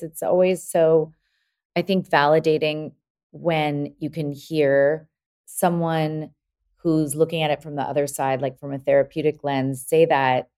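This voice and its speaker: A woman hosting a parenting podcast, agreeing with her guest and thinking out loud in a reflective way. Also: sits low, dry recording, studio quality. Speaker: podcast host. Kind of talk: podcast interview.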